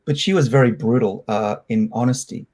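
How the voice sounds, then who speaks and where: A middle-aged man from Australia, a scientist answering interview questions in a candid, reflective, loose and halting way. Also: mid-range voice, darkish tone. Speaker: scientist guest.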